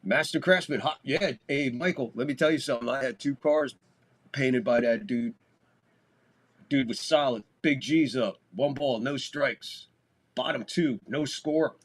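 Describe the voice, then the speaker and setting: Speaking a little slowly in a mid-range voice, a man hosts live baseball commentary on a stream. His calls are casual and talky, laced with free swearing, and they grow loud on big plays.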